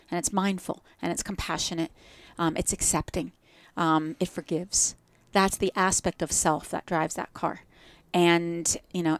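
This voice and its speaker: An earnest woman with a New Jersey accent talks through ideas on a podcast, piling up short, repeated phrases. Her voice sits a little low. The sound is close and dry, with no room around it. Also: no room sound. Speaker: guest yoga teacher. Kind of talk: reflective podcast conversation.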